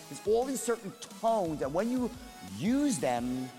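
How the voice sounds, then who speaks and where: A man's voice: fairly high pitch, big pitch swings, moderate pace, warm tone. A man giving a motivational sales seminar, emphatic and repetitive, drawing call-and-response from the audience. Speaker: sales trainer. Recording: live hall with long reverb and faint music.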